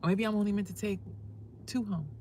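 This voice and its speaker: A woman hosting a livestream in casual talk, giving spiritual advice in a loud, emphatic, profane and preachy way. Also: mid-range voice, brisk, slight background noise. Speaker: livestream host.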